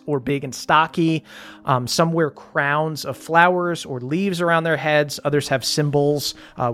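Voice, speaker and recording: A young adult game master narrates a tabletop adventure, laid-back and easygoing, with plenty of ums and uhs along the way. The voice sits at a middle pitch. Soft music plays faintly behind.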